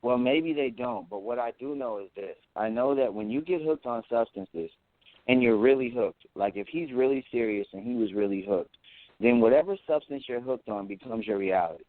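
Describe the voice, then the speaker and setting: A man talking as an interview guest, boastful and animated, who often repeats words as he goes. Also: mid-range voice, moderate pace. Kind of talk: casual interview talk. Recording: tinny phone-like audio.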